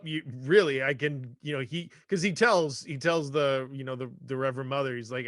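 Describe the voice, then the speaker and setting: A man's voice: mid-range voice, normal speed, a bit bright, no room sound, clean studio sound. A man co-hosting a podcast, chatting casually about a film, full of fillers and offhand quotes. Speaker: podcast co-host. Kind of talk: casual movie discussion.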